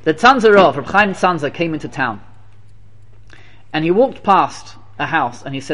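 A man with a high-pitched voice delivers a storytelling sermon. He speaks with emphatic energy and keeps repeating key phrases for effect. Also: normal speed, pauses often. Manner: animated, repetitive, emphatic. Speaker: religious teacher.

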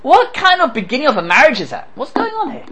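A man's voice: very high-pitched, huge pitch swings, very fast, bright, forceful tone, low-quality recording. A man teaching a scripture class who asks rhetorical questions and quotes Hebrew verses before translating them. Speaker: Torah teacher. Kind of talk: lecture on scripture.

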